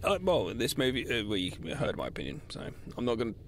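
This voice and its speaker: A man's voice: mid-range voice, wildly swooping pitch, fast talker, slight background noise. A man in his forties co-hosting a podcast, chatting about films in a playful, sometimes apologetic way. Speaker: podcast co-host. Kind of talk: casual film review chat.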